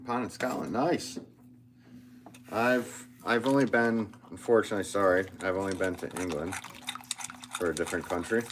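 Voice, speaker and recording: A low-pitched male voice with a Connecticut accent comes from a potter streaming live from his Connecticut studio, with slight background noise. He's chatty and self-deprecating as he reads viewer comments, joking about himself and frequently starting over.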